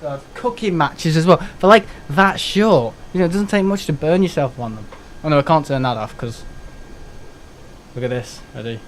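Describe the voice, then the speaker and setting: A man's voice: a little high, normal speed, slight background noise. A young man streaming a game, rambling casually, joking, swearing and laughing often. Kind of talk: casual live-stream chat.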